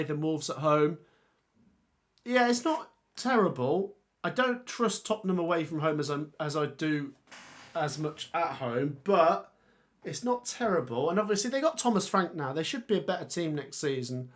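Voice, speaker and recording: A young man hosting a casual live stream, thinking aloud about football fixtures and reading out viewer comments. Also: fairly high pitch. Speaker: football channel host.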